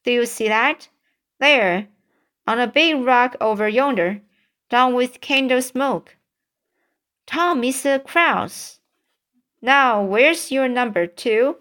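A woman voicing Tom, an eager and bold boy treasure hunter, read in a halting storybook manner. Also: fairly high pitch, a bit bright. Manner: halting reading with restarts.

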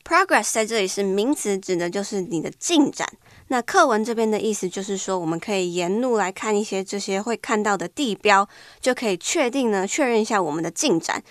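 A woman co-hosting an English lesson, clearly explaining vocabulary in Mandarin with English examples. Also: mid-range voice, no room sound, studio quality. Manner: clear and explanatory, with short interjections. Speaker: bilingual English teacher co-host.

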